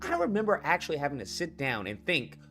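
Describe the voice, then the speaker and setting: A man's voice: a little high, wildly swooping pitch, fast, a bit bright. A man hosting a livestream, ranting about video games with lots of swearing and repetition while reading out chat comments. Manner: profane, heated, rants and repeats itself. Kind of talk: unscripted gaming rant.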